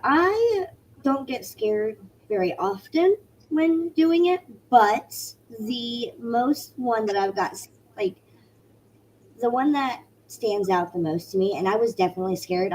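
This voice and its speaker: A woman paranormal investigator chatting casually on a podcast, pausing and restarting her sentences while wearing an arm sling. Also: a little high, animated, darkish tone, slight background noise, rough recording. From Indiana. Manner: halting, restarts mid-sentence.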